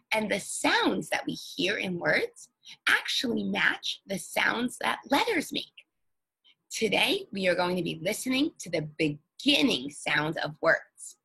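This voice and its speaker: A woman teaching an online phonics lesson to young children, sounding out words slowly and with exaggerated emphasis. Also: medium pitch, gravelly, bright, forceful tone, breathy edge, low-quality recording.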